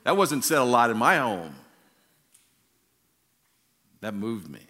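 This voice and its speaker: A man in his sixties, a pastor telling stories in a sermon and swinging from loud to hushed. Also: mid-range voice, very animated, slow pace. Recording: long reverb of a large hall.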